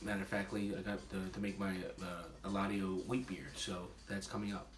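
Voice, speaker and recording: A man reviews his homebrew in a relaxed tasting vlog, rambling with many fillers and self-deprecating comments. His low voice barely moves in pitch and his pace is brisk. The distant mic gives a roomy, noisy sound, with music in the background.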